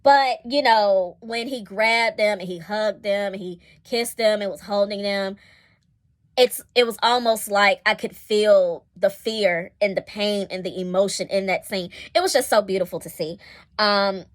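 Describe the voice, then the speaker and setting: A woman talking through TV episodes in a casual vlog review, her voice at a middle pitch. She is chatty and expressive, with laughter and colloquial asides, and she drifts into digressions before she gets back on track. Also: measured pace. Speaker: series reviewer.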